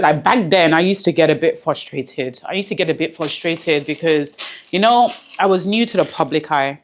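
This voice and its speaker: Her voice is deep and her speed normal, as this woman, a guest in an interview, opens up about something personal. She's earnest and reflective, repeats phrases to stress them, and at times nearly cries.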